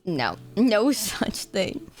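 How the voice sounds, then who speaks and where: A woman's voice: medium pitch, very animated, very slow, darkish tone. A young woman streamer chatting casually with her audience on a live stream, playful and jokey, swearing freely.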